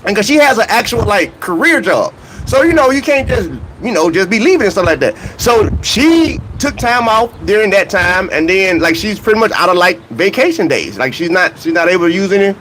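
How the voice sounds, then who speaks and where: A man's voice: high voice, animated, brisk, fairly bright tone, a little hiss or hum, poor audio. A man hosting a casual livestream vlog about track and field, greeting chat viewers by name and talking in loose slang. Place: outdoors near a hotel, humid weather.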